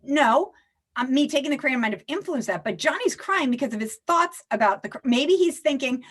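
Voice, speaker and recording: A woman's voice: high voice, fairly quick. A woman, a life coach, talking animatedly as a guest in a podcast interview. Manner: animated, acts out little quoted scenes.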